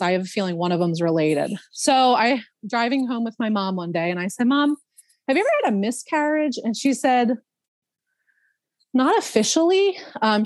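A podcast guest, a woman with a fairly high voice, tells a personal story casually and with animation, laughing often and imitating others' voices. There's no echo.

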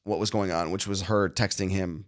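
A comedian guest in casual podcast chat, an animated storyteller who acts out the lines of the people in his stories. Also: low voice, fairly quick.

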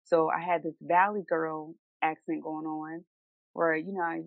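Philly-accented woman podcast co-host, low and gravelly, dry close sound, candid storyteller. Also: little pitch movement, unhurried, dry recording, poor audio. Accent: Philadelphia. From United States. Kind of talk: casual live conversation.

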